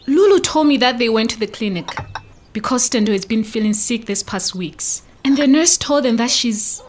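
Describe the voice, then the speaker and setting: A woman's voice: a little high, lively intonation, moderate pace, slight background noise, close to an everyday voice. A woman playing a concerned mother and family friend who speaks hesitantly and apologetically. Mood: careful.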